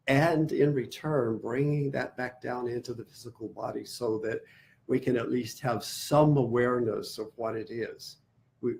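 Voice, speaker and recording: A man teaching meditation in a class, speaking deliberately and repeating words while he searches for the next one. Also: medium pitch, gravelly, a little mellow. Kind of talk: class lecture.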